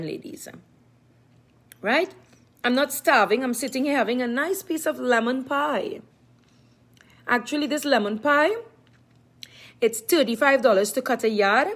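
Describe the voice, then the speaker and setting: A woman's voice: sits high, a little slow, long pauses. A middle-aged woman talking casually to her viewers in an emphatic, repetitive way, often speaking of herself in the third person. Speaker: live-stream vlogger.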